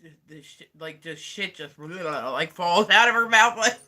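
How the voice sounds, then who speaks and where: A man's voice: high voice, lively intonation, a little slow, bright, forceful tone. A man from the United States chatting casually on a livestream, rambling and swearing, with "like" in nearly every sentence. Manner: rambling, profane, heavy use of "like". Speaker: live streamer.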